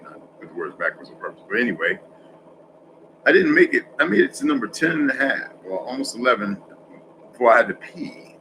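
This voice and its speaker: A man vlogging in a casual, rambling monologue, correcting himself often and swinging between loud stretches and hushed asides. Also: medium pitch, big pitch swings, a little fast, slight background noise, poor audio.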